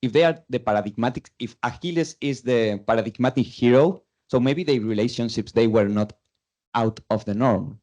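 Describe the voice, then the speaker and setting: A man's voice: mid-range voice, normal speed, darkish tone. A man in the audience of an academic conference, thinking aloud as he asks a question. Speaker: audience member asking a question. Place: university lecture room.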